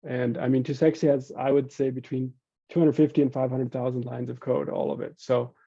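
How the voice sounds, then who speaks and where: A man with a gravelly, very dark voice explains a large software project casually, circling back and restarting phrases as he thinks. The sound is dry and a little dull, like a video call microphone. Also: medium pitch, little pitch movement, fairly quick, dry recording.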